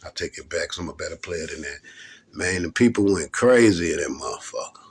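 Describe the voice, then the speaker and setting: A man's voice: sits low, expressive, brisk, gravelly, husky. A middle-aged man from Louisville, a rapper, telling rambling, profane stories about his hip hop days in a laid-back, casual monologue. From Louisville, Kentucky.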